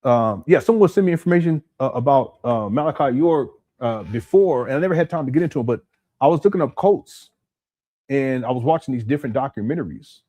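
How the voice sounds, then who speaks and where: A man hosts a casual live stream from his room at home. His pitch sits in the middle, and he rambles, stumbles, and repeats words as he talks to his viewers. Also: expressive, fast talker, dark tone. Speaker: commentary channel host.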